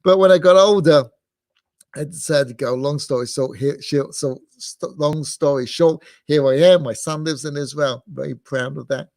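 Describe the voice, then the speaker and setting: A man's voice: on the high side, normal speed, vocal fry, darkish tone, dry recording, studio quality. A middle-aged man from England, a rabbi giving a rambling lecture, full of restarts and fillers, amused by his own asides. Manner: digressive, many restarts and fillers, self-amused.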